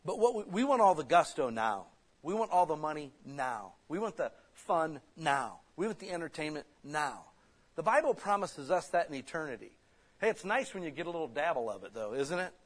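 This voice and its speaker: Male pastor, slightly high voice, animated conversational preaching style. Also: a little fast, husky. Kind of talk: sermon.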